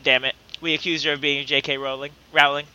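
A man's voice: fairly high pitch, little pitch movement, fast talker, pushed and bright, clean tone, highs cut off. A young man co-hosting a casual podcast, joking around and laughing often. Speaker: podcast co-host. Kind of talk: casual banter.

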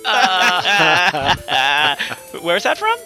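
A man's voice: high-pitched, wildly swooping pitch, extremely slow, sharp tone, faint music behind. A man co-hosting a podcast in casual comedic chat, laughing often and reading jokes out. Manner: giggly, reads out jokes. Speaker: podcast co-host.

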